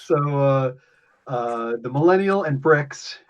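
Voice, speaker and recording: A man's voice: medium pitch, expressive, slow, poor audio. A man narrating as game master of a tabletop game, joking and laughing often.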